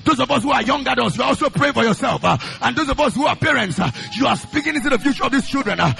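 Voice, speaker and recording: A man preaching as a pastor, leading loud prayer with fervent, repeated declarations, each phrase often opened with "uh". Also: very high voice, expressive, racing, creaky, few pauses, soft background music. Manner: repeats lines in a rhythmic chant. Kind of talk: sermon and loud congregational prayer.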